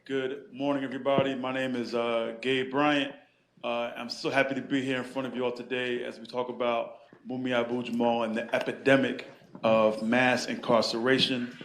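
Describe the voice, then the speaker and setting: Male event moderator with a rousing, preacherly delivery, medium pitch, echoey bookstore room. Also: level tone, normal speed, a bit bright. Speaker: panel moderator. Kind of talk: event moderation with call-and-response.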